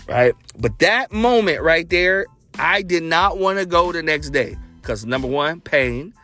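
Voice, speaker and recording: Animated male podcast storyteller. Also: a little slow, soft background music. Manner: animated, acts out quoted dialogue with big pitch jumps. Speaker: podcast host. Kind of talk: casual storytelling.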